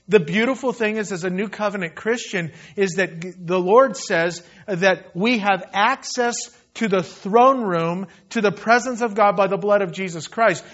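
A man's voice: high-pitched, fairly bright tone. A man preaching a sermon in an impassioned, conversational way, acting out the scripture as he goes. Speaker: pastor. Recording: dull lo-fi recording.

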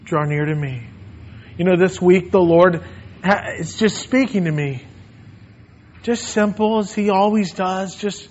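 A man preaching a sermon in a church sanctuary and leading a prayer, earnest, swinging between emphatic lines and hushed ones. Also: high voice, moderate pace, lo-fi sound.

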